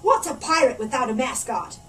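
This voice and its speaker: A woman voicing a loud, gruff, hairy male pirate captain who bellows and blusters, for a read-aloud storybook. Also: sits high, animated, fairly quick. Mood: blustering. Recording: distant mic, faint room noise.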